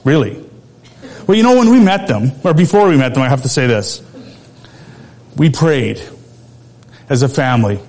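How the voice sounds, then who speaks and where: Middle-aged male preacher, slightly high voice, relaxed storytelling with frequent laughs. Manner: laughs often, conversational. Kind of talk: sermon with personal story.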